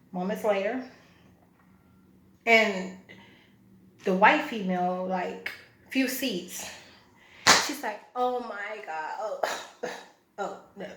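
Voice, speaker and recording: A woman's voice: medium pitch, fairly bright tone. A woman vlogging a story in a blunt, profane, agitated way. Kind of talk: casual storytelling. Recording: echoey room.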